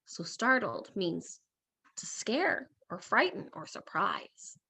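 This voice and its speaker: Woman, teacher, story read aloud, animated intonation, slow, expressive. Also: medium pitch, creaky, slightly rough. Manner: expressive storytelling, asks the listener questions. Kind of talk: reading a story aloud in a lesson.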